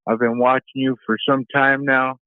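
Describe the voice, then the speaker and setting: A man's voice: mid-range voice, little pitch movement, normal speed, no room sound. A man calling in to a talk show, rambling with many ums and you-knows. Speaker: caller. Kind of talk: phone call-in rant. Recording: phone line.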